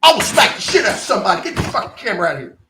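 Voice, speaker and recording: A young man who is a podcast guest, telling stories in a blunt, profane, animated way in casual chat. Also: high-pitched, very fast, music in the background. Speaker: podcast guest, window tinter.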